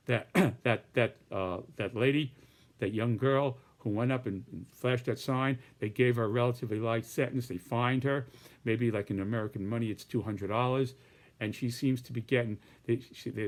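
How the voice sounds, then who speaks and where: A man presenting his political cartoons in casual, rambling commentary with many restarts and hedges. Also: medium pitch.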